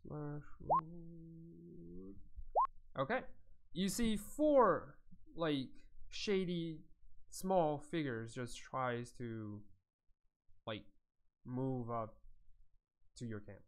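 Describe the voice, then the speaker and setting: A man's voice: medium pitch, drawn-out words, pauses often. A man narrating as game master of a tabletop game in a loose way, with plenty of fillers and frequent laughs.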